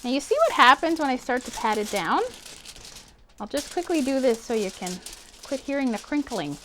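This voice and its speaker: A woman's voice: high-pitched, expressive, moderate pace, a little hiss or hum. Chatty woman teaching a craft project. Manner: chatty, playful, upbeat, talks while working. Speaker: art teacher. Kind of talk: casual craft tutorial.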